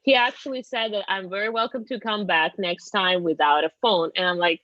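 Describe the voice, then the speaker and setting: A woman's voice: medium pitch, steady tone, fairly quick, hardly any pauses, no room sound, highs cut off. A woman with a Russian accent, a native Russian speaker, telling a story in a chatty way with laughs. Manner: chatty, laughing, frequent fillers. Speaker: guest reporter. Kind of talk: casual interview storytelling.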